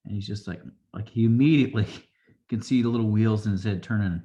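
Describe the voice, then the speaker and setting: Guy with a lowish voice retelling an episode, loose and chatty, does little character quotes. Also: brisk, dark tone, dull audio. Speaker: show reviewer. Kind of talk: casual episode recap.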